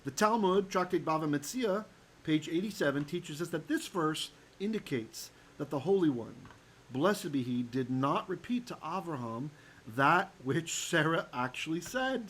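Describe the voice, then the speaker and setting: A man teaching a Torah lesson as a rabbi, animated and often checking in with his listeners, sometimes chanting verses. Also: fairly high pitch, moderate pace, rough recording.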